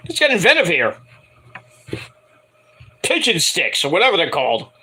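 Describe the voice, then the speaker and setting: A man's voice: high-pitched, huge pitch swings, moderate pace, pushed and bright, husky. A man reviewing a wrestling show in a casual, profane, rambling and jokey solo commentary.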